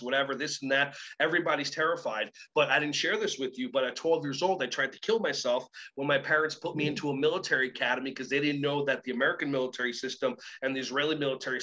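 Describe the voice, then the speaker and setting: A man with a bright, forceful voice pitched a little above the usual, telling stories as an interview guest. He talks excitably, his pitch leaping up as he gets carried away. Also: dull audio. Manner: excitable, with big swings in pitch. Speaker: guest, keynote speaker. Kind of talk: animated storytelling.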